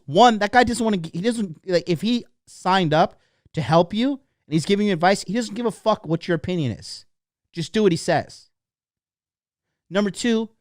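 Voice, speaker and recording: A man's voice: high voice, no echo, clean studio sound. A man in his thirties, a dating coach telling a rambling story in a blunt, profane motivational monologue.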